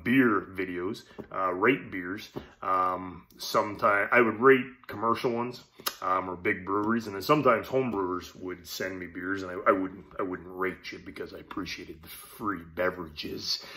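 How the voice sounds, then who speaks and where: Low-voiced man rambling about beer. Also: pushed and bright. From Canada. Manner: loose, profane, joking asides. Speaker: beer review vlogger. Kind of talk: casual rambling chat to camera. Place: apartment.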